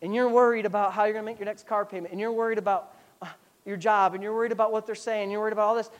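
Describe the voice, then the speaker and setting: A woman pastor preaching a sermon with a sarcastic, animated delivery. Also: medium pitch, very fast, highs cut off.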